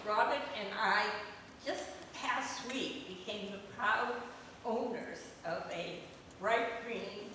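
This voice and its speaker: A woman in her seventies recalls an old family memory for a live audience, warm and reminiscing. Her voice sits far from the mic in a large hall with long reverb and a faint hiss. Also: mid-range voice. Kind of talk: personal story to an audience.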